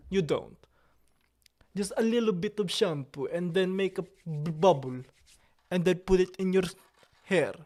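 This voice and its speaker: A man's voice: high-pitched, darkish tone. Playful, vain man chatting on a livestream. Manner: playful, vain and mock-serious, with halting, broken phrasing; drops in occasional French words. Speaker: livestream host. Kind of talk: casual livestream chat with viewers.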